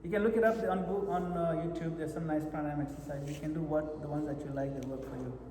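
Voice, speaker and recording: A man's voice: on the high side, steady tone, fast, a little mellow, a little hiss or hum. A man leading a meditation retreat session, coaching his listeners and often checking that they follow. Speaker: japa retreat teacher. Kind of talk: meditation workshop instruction. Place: retreat hall. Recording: echoey hall with long reverb.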